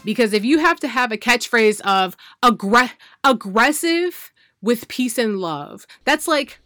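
A woman's voice: on the high side, expressive, takes it slowly, a bit bright, dry recording. A woman co-hosting a podcast, giving emphatic, opinionated takes in casual recap chat. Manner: opinionated, emphatic, mocking asides. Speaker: podcast co-host.

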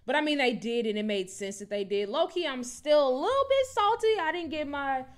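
A woman co-hosting a podcast, chatting casually and animatedly about wrestling, with lots of "like" and "low-key". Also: lively intonation, a little fast. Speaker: podcast co-host.

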